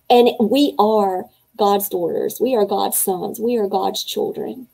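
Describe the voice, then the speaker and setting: Emotional woman host with a mellow voice. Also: mid-range voice, a little slow, creaky, few pauses, rough recording. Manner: emotional, faith-filled, excited storytelling. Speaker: conference organizer and host. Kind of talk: welcome speech to a virtual conference.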